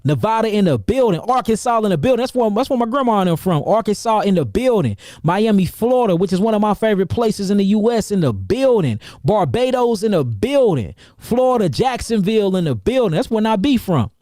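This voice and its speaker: Rapid, repetitive shout-outs come from a high-pitched man in St. Louis, Missouri, USA, an herbalist promoting his seminars to livestream viewers. His delivery is energetic, slangy hype. Recorded close and dry, the voice has no room sound.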